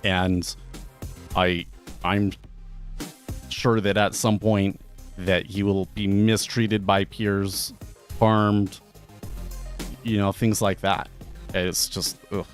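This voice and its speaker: A man's voice: deep voice, little pitch movement, very slow, long pauses, soft background music. A man talking casually on a live trading stream, rambling with frequent restarts and fillers.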